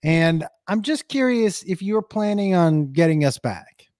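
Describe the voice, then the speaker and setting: A man hosting a casual live-stream chat, animated and laughing often. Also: high-pitched, unhurried, no room sound, studio quality. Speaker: host.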